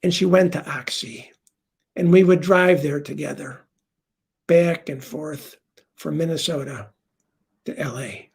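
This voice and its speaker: An older man telling a heartfelt first-person story on stage, confiding and dropping to a hush for quoted lines. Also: a little high, measured pace, creaky, long pauses, slightly rough.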